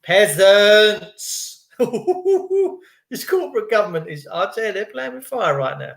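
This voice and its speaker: A man talking casually to his viewers, animated, acting out other people's voices and repeating his points for emphasis. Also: high voice, fast, creaky, roomy sound. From United Kingdom. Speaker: vlogger.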